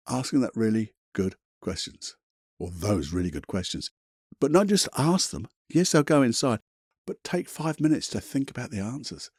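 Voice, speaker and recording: A man's voice: mid-range voice, sing-song, moderate pace, a little mellow, breathy edge, dry recording, clean studio sound. A man hosting a self-help podcast, talking in a blunt, chatty, motivational way with the odd mild swear. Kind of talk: casual motivational monologue.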